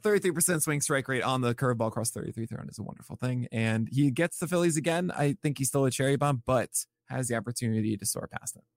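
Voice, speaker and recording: A man co-hosting a casual podcast, rattling off pitching numbers in a loose, self-correcting way. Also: fast talker, few pauses. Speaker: podcast co-host. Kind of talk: casual podcast chat about pitching stats.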